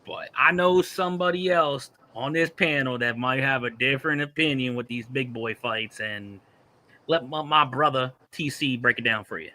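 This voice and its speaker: A man's voice: mid-range voice, normal speed, bright, forceful tone. A man hosting a sports betting podcast, laid-back and slangy, with some swearing. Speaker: podcast host. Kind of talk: casual sports talk.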